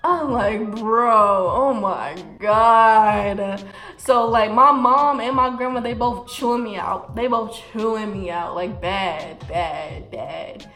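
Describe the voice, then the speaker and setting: A young woman tells a story in a raised, lively voice full of slang, acting out the other people's lines. Her voice rings in an echoey room while faint music plays underneath. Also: fairly high pitch, unhurried. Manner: animated, slangy, acts out quoted voices. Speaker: vlogger. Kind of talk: casual storytime.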